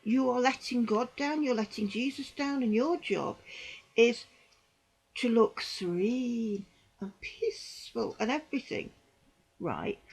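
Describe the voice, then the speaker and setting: Older woman, a higher voice, candid rambling monologue, unwell and tired. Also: animated, slow pace, creaky, darkish tone, husky, low-quality recording. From United Kingdom. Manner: rambling and earnest, with frequent restarts. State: unwell and in pain. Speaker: vlogger, former psychiatric nurse. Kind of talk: personal commentary monologue.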